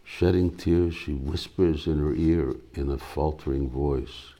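A man reads a devotional drama aloud in a slow, deliberate way, adding hesitant asides of his own. His voice is extremely low, dark and gravelly. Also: steady tone. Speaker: reader.

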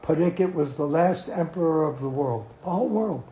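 An older man slowly telling a personal anecdote to a small group, acting out quotes and laughing as he goes. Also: on the high side, echoey room, highs cut off. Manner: slow, animated storyteller who acts out quotes and chuckles. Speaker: devotee telling memories.

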